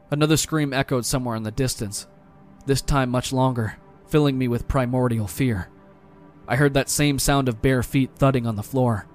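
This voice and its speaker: A man reads a scripted first-person horror story with tense, dramatic delivery. His voice is pitched in the middle range. Soft music plays quietly underneath the narration.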